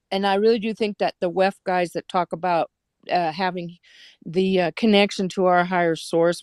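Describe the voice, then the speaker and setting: A woman's voice: on the low side, a little mellow, no echo, clean studio sound. Rambling blunt woman. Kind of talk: casual discussion.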